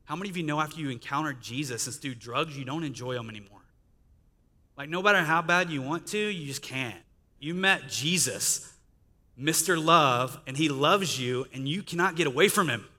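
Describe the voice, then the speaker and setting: A man's voice: fairly high pitch, animated, normal speed, pushed and bright. A man telling his life testimony as a guest speaker, storytelling in a chatty way with quoted dialogue. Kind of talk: testimony sermon. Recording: reverberant church hall.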